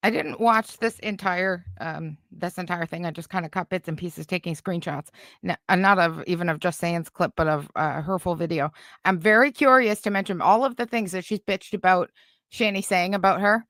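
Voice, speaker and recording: Sarcastic woman with a bright voice. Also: lowish voice, moderate pace, no room sound. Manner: sarcastic, rambling, with frequent fillers. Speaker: commentary channel host. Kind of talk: casual reaction commentary.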